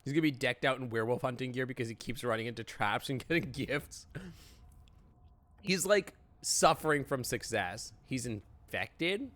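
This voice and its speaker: A man's voice: mid-range voice, normal speed, fairly bright tone. A man streaming a game live, chatting, laughing often and reacting on the fly. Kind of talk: live gameplay commentary.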